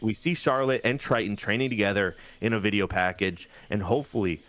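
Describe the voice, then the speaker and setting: A man casually recapping wrestling matches from a video game, in an animated, jokey play-by-play way. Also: on the low side, fairly quick. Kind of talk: casual gaming chat.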